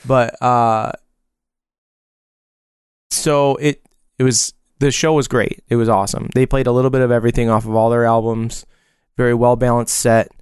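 A man in his forties tells a loose, rambling story in casual podcast chat, stopping and restarting as he goes. His voice is smooth and clear, recorded dry and close with no room sound. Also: medium pitch, little pitch movement, moderate pace, no echo. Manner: rambling, chatty storytelling with frequent fillers.

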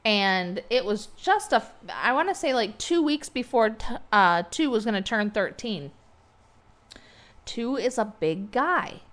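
A woman's voice: on the high side, expressive, unhurried, a bit bright. A middle-aged woman from the United States, co-hosting a podcast in casual chat, telling stories with laughter and acting out quoted lines. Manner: chatty storyteller, laughs and acts out quotes. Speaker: podcast co-host.

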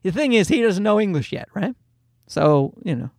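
A middle-aged man doing a stand-up comedy routine, telling an exasperated story about his kids with loud acted-out asides. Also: sits high, big pitch swings, normal speed, no echo, studio quality.

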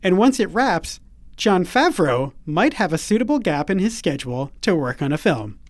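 A man's voice: high-pitched, very animated, normal speed, no room sound. Dry-voiced playful podcast host man. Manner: playful, teasing, runs the segments. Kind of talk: casual podcast chat.

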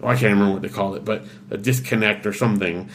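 A man's voice: lowish voice, fairly even intonation, a little hiss or hum. A man in casual chat, animatedly retelling a story and acting out the voices of the people in it, with lots of "like" fillers. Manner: fast, filler-heavy with "like".

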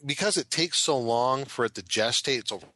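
A man's voice: medium pitch, animated, brisk, bright, forceful tone, no room sound. A man co-hosting a casual tabletop game chat, joking and reacting with short laughs. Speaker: co-host and dungeon master. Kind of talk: casual chat about monster lore.

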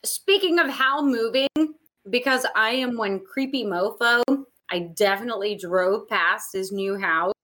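A woman's voice: mid-range voice, measured pace, bright, forceful tone. A woman chatting on a video call, blunt and freely profane. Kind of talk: casual video call chat.

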